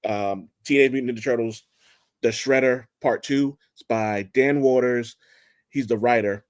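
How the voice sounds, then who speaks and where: Man, podcast co-host, excitable, acts out quotes, casual, mid pitch. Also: moderate pace. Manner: excitable storyteller, acts out quotes, swears freely. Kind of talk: casual chat.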